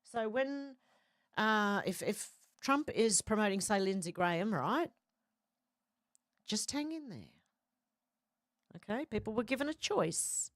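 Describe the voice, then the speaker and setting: A woman's voice: medium pitch, lively intonation, slow pace, pauses often, dry recording, studio quality. A woman hosting a casual livestream, reading out viewer comments and rambling between them with many fillers and restarts. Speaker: livestream host reading chat.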